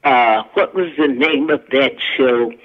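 A woman's voice: very deep voice, a little slow, phone-quality sound. An older woman, a guest actress and singer, telling stories from her career in a folksy, country-spoken way. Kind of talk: casual storytelling interview.

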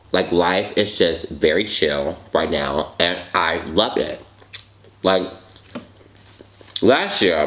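A man's voice: sits low, a bit bright. Young guy doing a mukbang, sassy and over the top, takes his time, voice swings up and down a lot. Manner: sassy, dramatic, chatty. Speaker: vlogger. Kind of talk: casual mukbang chat. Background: eating while talking.

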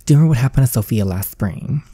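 A calm middle-aged father from a story game, explaining things patiently to his daughter, as a man reads his lines. The tone is low, dark and husky, close and dry. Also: rapid-fire, no echo.

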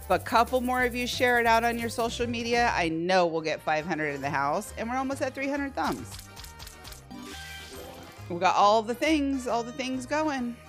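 A woman's voice: on the high side, animated, normal speed. A woman hosting a casual live slot stream from home, playfully chatting and greeting viewers by name. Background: faint slot game music.

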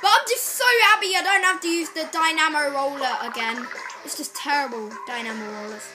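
Excitable high-voiced woman gaming. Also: brisk, low-quality recording. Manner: excitable, reacts loudly to the game. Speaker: gaming channel host. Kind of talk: live gameplay commentary. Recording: loud game music behind voice. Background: loud video game music.

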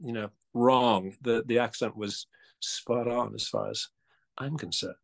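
Gravelly actor with a mixed accent. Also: male voice, mid-range voice, a little slow. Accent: mixed, partly Australian. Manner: animated, stammering restarts, laughs and mimics voices. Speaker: actor and guest. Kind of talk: casual interview chat.

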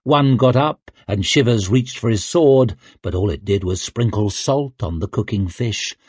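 A man narrating an audiobook in a measured, even storytelling manner. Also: fairly low pitch, slightly rough, dry recording. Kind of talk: scripted narration.

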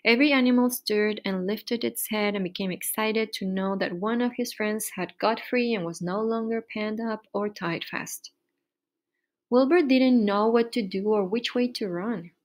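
A woman reading a children's chapter book aloud with lively storybook delivery. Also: medium pitch, moderate pace.

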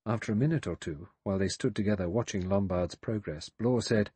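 Husky low-voiced male narrator. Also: no room sound. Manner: measured, even storytelling. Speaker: audiobook narrator. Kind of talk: scripted narration.

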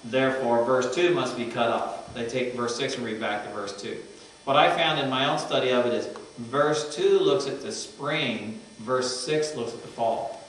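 A male professor talks through Greek grammar in a relaxed, explanatory classroom manner. He is heard from a distance in a very echoey room, with a faint hum underneath. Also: mid-range voice, moderate pace. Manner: explanatory, parses Greek forms aloud, conversational asides. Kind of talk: classroom lecture.

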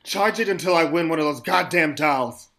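A man's voice: a little high, moderate pace, a bit bright, a little hiss or hum. A man voicing a frustrated father who talks in a strained, insistent way. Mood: desperate. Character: desperate, frustrated father at a carnival.

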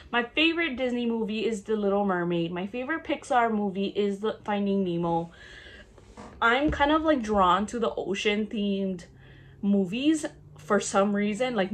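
A young woman showing off handbags in a casual haul vlog, chatty and gushing, with many okays. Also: mid-range voice. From half Japanese. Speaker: vlogger showing a bag haul.

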